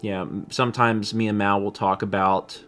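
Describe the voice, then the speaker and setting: A man co-hosting a live stream, chatting casually, reading chat messages and joking with squeaky put-on voices. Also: little pitch movement, moderate pace, fairly bright tone, faint music behind. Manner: jokey, breaks into high squeaky put-on voices.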